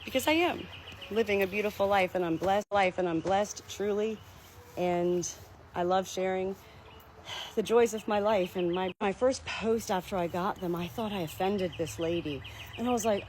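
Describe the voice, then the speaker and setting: A woman's voice: mid-range voice, normal speed, a little mellow. Chatty woman filming by her chicken coop. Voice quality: chatty, laughs often. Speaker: backyard chicken keeper. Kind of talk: casual livestream chat. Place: outdoors at a farm chicken coop. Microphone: phone livestream. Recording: outdoor phone audio with clear chicken noise.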